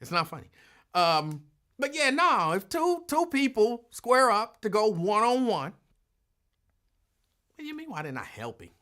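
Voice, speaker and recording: A man's voice: high-pitched, very animated, a little slow, long pauses, bright, forceful tone. A man hosting a live afternoon show, greeting listeners by name in a laid-back drawl and laughing as he tells stories. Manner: laid-back, drawling, breaks into laughter while telling a story. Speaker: radio show host.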